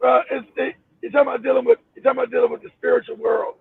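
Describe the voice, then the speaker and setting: A hoarse man, his voice nearly gone, chatting casually and teasing his co-host on a radio-style show. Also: extremely high pitch, little pitch movement, rapid-fire. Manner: teasing, blunt. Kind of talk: casual chat. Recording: tinny phone-like line with faint noise.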